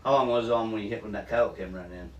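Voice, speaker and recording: A man co-hosting a podcast, chatting about hunting with frequent agreeing murmurs and quick asides. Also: lowish voice, dull audio. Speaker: podcast co-host. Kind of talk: casual hunting chat. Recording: roomy, distant mic, faint background noise.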